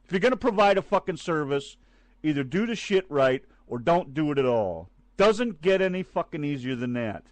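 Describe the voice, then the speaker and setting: A man co-hosting a casual talk show, breaking into profane, shouting rants. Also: fairly high pitch, very animated, moderate pace, no room sound. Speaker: co-host. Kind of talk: casual chat and profane rant.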